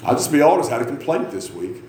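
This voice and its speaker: A man in his fifties preaching a loud, self-mocking sermon in a church, breaking into sudden shouts. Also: mid-range voice, sing-song, quick pace, reverberant, a little hiss or hum. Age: 50s. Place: church sanctuary.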